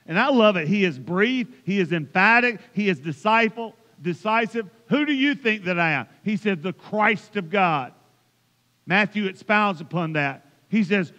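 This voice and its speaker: A man's voice: high voice, lively intonation, moderate pace, bright, forceful tone. A man preaching a sermon, emphatic and building to impassioned runs. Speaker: pastor. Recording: dull sound in a reverberant church hall.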